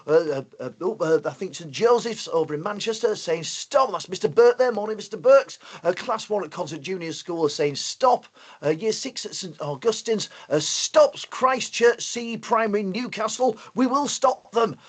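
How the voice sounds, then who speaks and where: A man's voice: sits high, expressive, moderate pace, slightly rough. A man hosting a live online punctuation lesson for schools, upbeat and playful. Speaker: host and teacher.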